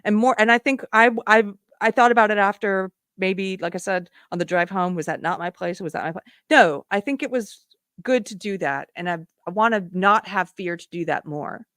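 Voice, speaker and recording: A woman's voice: medium pitch, normal speed, a bit bright, no echo, clean studio sound. A woman hosting a live show, telling a personal story in an earnest, conversational way with frequent restarts. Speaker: podcast host. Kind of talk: casual live-stream monologue.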